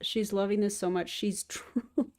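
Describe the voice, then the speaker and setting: A woman's voice: mid-range voice, fairly even intonation, normal speed, darkish tone. Woman host, casual stream chat, mid-range voice, affectionate cooing. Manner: chatty, often coos to her cat.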